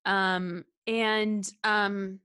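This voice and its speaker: A woman's voice: medium pitch, level tone, drawn-out words, sharp tone, clear, resonant tone. A woman co-hosting a podcast, talking through a film scene in casual, heartfelt chat with lots of ums and restarts. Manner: hesitant, many ums and restarts, laughs often; earnest and heartfelt. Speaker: podcast co-host.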